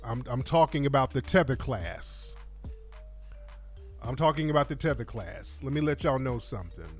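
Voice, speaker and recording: A man hosting reaction commentary, mocking and animated, with lots of slang. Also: medium pitch, moderate pace, soft background music. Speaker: commentary host.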